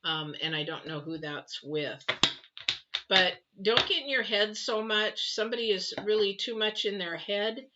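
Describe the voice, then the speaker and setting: A woman's voice: mid-range voice, measured pace, very noisy. A woman giving a casual spoken tarot reading, rambling through advice with many fillers. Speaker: tarot reader. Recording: dull lo-fi audio.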